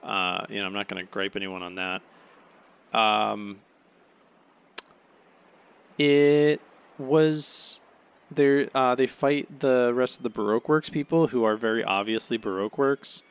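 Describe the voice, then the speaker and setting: A sleepy, yawning man hosting a podcast, rambling through a casual solo recap with lots of "um"s and swearing, now and then bursting into high, excited gushing. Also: a little slow, long pauses, clear, resonant tone. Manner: rambling, offhand, peppered with swearing and "um"s. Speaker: podcast host.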